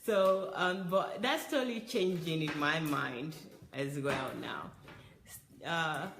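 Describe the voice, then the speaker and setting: A woman hosting a livestream, greeting viewers by name and chatting in an upbeat way. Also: fairly low pitch. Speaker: livestream host. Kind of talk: casual livestream chat. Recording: echoey room, faint noise.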